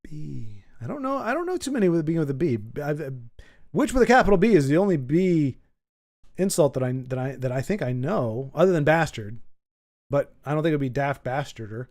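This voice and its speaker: A man's voice: fairly high pitch, big pitch swings, a little fast, darkish tone. A man hosting a casual stream, reading out chat and thinking aloud, rambling and often repeating words as he goes. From United States. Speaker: livestream host reading chat.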